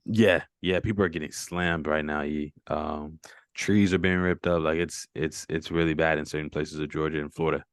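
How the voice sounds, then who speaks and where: Deep-voiced man coaching on a call. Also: steady tone, moderate pace, smooth, no echo, studio quality. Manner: encouraging, lots of "mm-hmm" affirmations. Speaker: fitness coach and host. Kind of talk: casual video call check-in.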